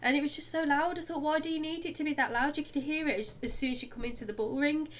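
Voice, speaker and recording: A young woman, co-hosting a casual chat and telling stories in a lively, animated way. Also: high voice, fast. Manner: chatty, animated storyteller who mimics people loudly. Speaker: podcast co-host.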